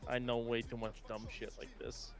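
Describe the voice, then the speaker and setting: A man playing a laid-back ex-convict who rambles through dark jokes and dad jokes, stumbling over his words in live role-play. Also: medium pitch, monotone, normal speed, soft background music, close to an everyday voice. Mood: joking. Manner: rambling, stumbling joke-teller.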